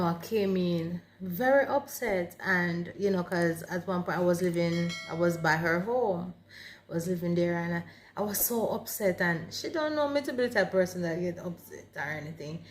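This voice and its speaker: A woman's voice: fairly low pitch, moderate pace. A Jamaican woman in her forties is chatting casually on a vlog. She tells her story with energy and brings its scenes to life. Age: 40s. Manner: animated, reenacts dialogue vividly. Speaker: vlog co-host.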